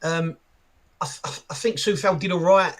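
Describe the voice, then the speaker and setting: A man's voice: high voice, normal speed. A man co-hosting a casual football chat, hedging every opinion with "I think". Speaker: podcast co-host.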